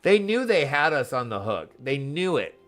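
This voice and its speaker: A man's voice: mid-range voice, sing-song, moderate pace, a bit bright. A man giving casual, openly emotional commentary while he plays a story game, chatty and full of filler words. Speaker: gaming streamer. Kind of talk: casual let's-play commentary. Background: faint game music.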